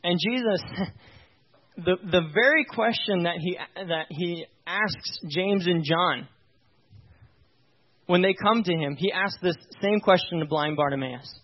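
A pastor with a fairly high voice gives a relaxed, conversational sermon at a slightly slow pace. He speaks informally and with emphasis, often checking that his listeners are following, and the recording sounds dull and lo-fi.

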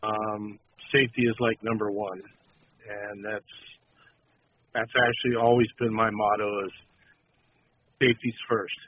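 A man's voice: on the low side, level tone, measured pace, long pauses. A man, a special effects guest, talking about safety on film sets in an easygoing, rambling way. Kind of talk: casual interview talk. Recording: phone-like radio audio.

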